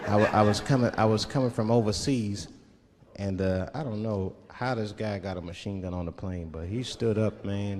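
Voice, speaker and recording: A male stand-up comedian telling stories, swearing freely and dropping into low murmured asides. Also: normal speed, long reverb tail. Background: crowd laughter.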